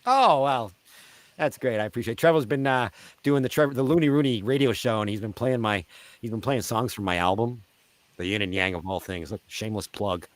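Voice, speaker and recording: A man from Canada, a street performer, telling lively stories in an interview and shouting out the crowd's lines. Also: mid-range voice, brisk, no echo. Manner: animated, shouting out the voices of crowd members. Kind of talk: storytelling in a casual interview.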